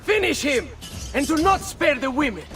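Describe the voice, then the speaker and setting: A man's voice: very high-pitched, big pitch swings, moderate pace, over music, exaggerated voice. An actor playing an arrogant young nobleman villain in a video game, haughty and barking orders.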